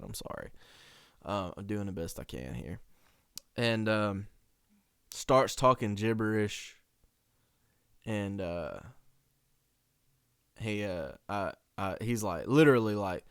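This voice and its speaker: Young male podcast host, animated and slangy, with a smooth tone and close, dry mic sound. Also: lowish voice, no echo. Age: young adult. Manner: animated, slangy, laughs often. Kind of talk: casual storytelling.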